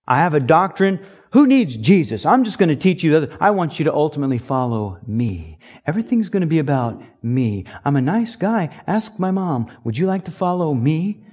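A man's voice: a little high, very animated, brisk, hardly any pauses, darkish tone, husky. A man mimicking a smug, self-centered male false teacher in a mocking, self-promoting tone.

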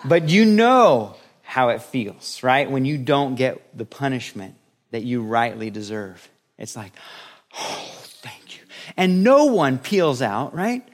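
A middle-aged man delivers a sermon as pastor, with a voice of ordinary pitch. He preaches in a lively, playful way, slipping into quick acted-out scenes to make his points. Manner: animated, playful preaching that acts out little scenes.

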